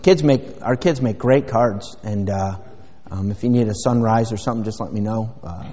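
A man's voice: lowish voice, moderate pace, dark tone. A middle-aged man preaching a sermon as a pastor, in a rambling, folksy way with many fillers. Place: church sanctuary. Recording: dull sound with long hall reverb.

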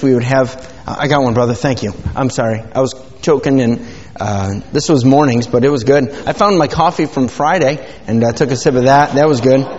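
A middle-aged man preaches in a loose, rambling, folksy way, full of fillers. His voice sits at an ordinary pitch for a man. The recording is dull and lo-fi, with the long reverb of a church hall. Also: a little mellow. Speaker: pastor. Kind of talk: informal sermon with prayer. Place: church sanctuary.

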